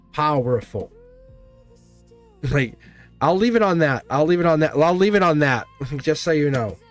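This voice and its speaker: A man with a Boston accent giving a casual, blunt live tarot reading, laughing often and swearing now and then. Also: fairly high pitch. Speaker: tarot reader.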